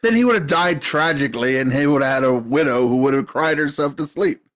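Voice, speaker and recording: A man co-hosts a movie podcast, mostly answering in short agreeing remarks. His voice sits a little high, and his tone stays easy and conversational. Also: moderate pace, a bit bright. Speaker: podcast co-host. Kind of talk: casual movie chat.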